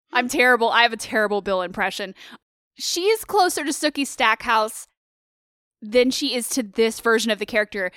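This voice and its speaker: A woman co-hosting a casual film discussion, animated and opinionated with quick asides. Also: fairly high pitch, smooth, no echo, studio quality. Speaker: co-host of a film discussion show. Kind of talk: casual film commentary chat.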